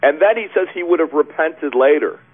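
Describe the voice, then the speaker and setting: A male talk radio host who guides the conversation and drops sarcastic remarks. His voice rises and falls with lively expression. The audio is thin and tinny, like a phone line. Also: on the high side, brisk. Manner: sarcastic, directs the segment.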